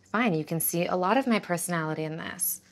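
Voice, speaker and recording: An actress playing a defensive, sharp-tongued young woman in a scripted series, snappy and exasperated. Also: fairly low pitch, quick pace, lightly acted. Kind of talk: scripted web-series acting.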